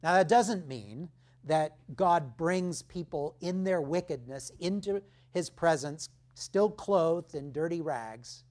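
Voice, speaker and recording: Slow, emphatic male preacher. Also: on the high side, a little mellow. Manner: slow, emphatic preaching with dramatic drops in volume. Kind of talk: sermon.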